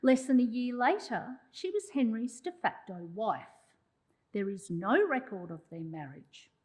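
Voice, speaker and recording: Woman, lecturing on history, somewhat high voice, dry wry asides to the crowd. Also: very animated, measured pace, darkish tone, breathy edge, poor audio. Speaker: journalism historian giving an oration. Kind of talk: prepared public lecture.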